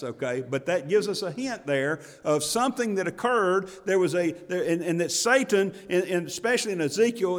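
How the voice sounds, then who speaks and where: A man's voice: high-pitched, in a large hall. A male pastor giving a sermon, talking in a folksy way that builds into emphatic, rising bursts.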